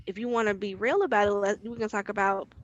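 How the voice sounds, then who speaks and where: A woman co-hosting a podcast in casual chat, relaxed and often agreeing. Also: mid-range voice, quick pace, highs cut off. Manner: relaxed, agreeing with short backchannels. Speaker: podcast co-host.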